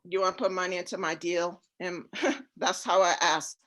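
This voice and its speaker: Woman, laid-back, even monotone delivery, casual coaching call, low-key. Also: moderate pace. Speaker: real estate syndicator seeking coaching.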